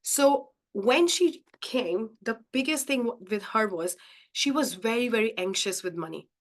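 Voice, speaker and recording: A woman's voice: on the high side, expressive, unhurried. A woman leading a live-streamed coaching session, speaking effusively and repeating phrases for emphasis. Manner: addresses the audience directly as guys. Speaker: mindset coach hosting a live group session.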